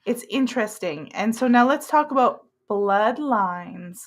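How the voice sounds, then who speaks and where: A woman's voice: a little high, lively intonation, unhurried. A woman hosting a casual podcast chat, talking loosely and often trailing off mid-thought. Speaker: podcast host.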